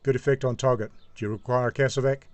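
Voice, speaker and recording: A man voicing a calm, almost bored helicopter gunship pilot with an English accent, giving clipped radio calls. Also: mid-range voice, fast talker, no echo, muffled recording, close to an everyday voice.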